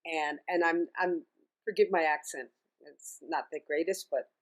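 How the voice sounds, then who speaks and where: A middle-aged woman, a singer and music teacher, telling stories as an interview guest in a chatty, animated way, often laughing and restarting her sentences. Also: deep voice, moderate pace. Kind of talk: casual interview storytelling.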